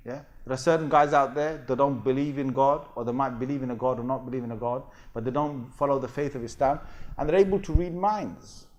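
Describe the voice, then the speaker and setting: A man's voice: mid-range voice, brisk, highs cut off. A man with a London accent giving an Islamic lecture in a casual, slangy way, acting out the people in his stories. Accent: London English. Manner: animated storytelling, acting out dialogue, slangy and conversational. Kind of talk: sermon.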